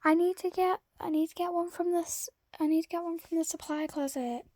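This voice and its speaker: A woman voicing a teenage boy who calls out loudly from up a ladder. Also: extremely high pitch, steady tone, fairly quick, dry recording, pitched above the performer's own voice. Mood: eager. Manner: calling out loudly.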